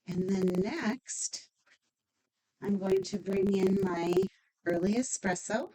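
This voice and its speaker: A woman's voice: mid-range voice, expressive, takes it slowly, warm tone, rough recording. A woman demonstrating a stamping craft project, chatty and upbeat, thinking aloud as she works.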